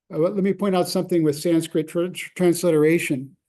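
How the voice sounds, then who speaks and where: A man lecturing from slides, halting often with fillers and restarts. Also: a little high, steady tone, dark tone.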